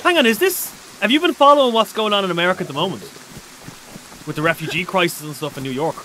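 A man streaming a survival game, chatting excitably with a teammate and shouting out viewers' chat messages. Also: high voice, fast, a little hiss or hum, rough recording. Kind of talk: casual gaming livestream chat.

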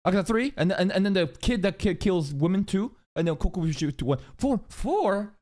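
A high-pitched man streams live commentary reacting to anime. He's excitable and full of exclamations, swears a lot, and rattles off repeated words when something surprises him.

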